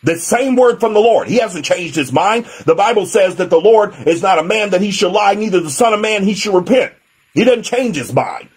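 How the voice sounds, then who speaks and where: A man's voice: high voice, expressive, moderate pace, slightly rough. A man preaching a sermon as pastor, emphatic, with a repetitive preaching cadence. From United States.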